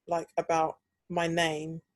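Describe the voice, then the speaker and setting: A woman's voice: low-pitched, completely flat delivery, slow, dry recording. A young British woman hosting a podcast, telling a story in casual chat and acting out the quoted dialogue. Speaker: podcast host.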